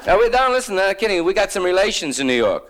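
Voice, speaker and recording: A man's voice: high voice, very animated, fast talker, fairly bright tone, pitched above the performer's own voice. A man voicing an eager, friendly older man of about sixty-five who talks in a pushy, chummy, hospitable way.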